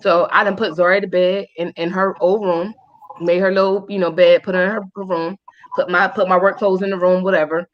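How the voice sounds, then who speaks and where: A woman co-hosting a talk show, telling a profane story with animated, squealing voices for the people in it. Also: lowish voice, brisk. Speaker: radio show co-host. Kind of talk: casual chat, storytelling. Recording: dull lo-fi sound.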